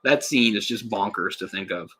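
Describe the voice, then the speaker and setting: A man's voice: fairly low pitch, normal speed, fairly bright tone, slight background noise. A man giving a casual, rambling live commentary on a film, often restarting his sentences and sometimes swearing. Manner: rambling, self-correcting, laughs and swears in passing.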